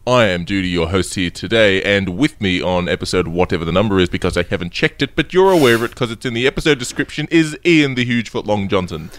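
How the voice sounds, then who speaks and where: A man hosting a pop culture podcast in casual chat, joking and rambling, his voice made deep and demon-like by a strange microphone. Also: lively intonation, fast talker, few pauses, a little hiss or hum. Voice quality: deep, demon-like through a distorted mic. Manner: joking, rambling, laughs often. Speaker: podcast host.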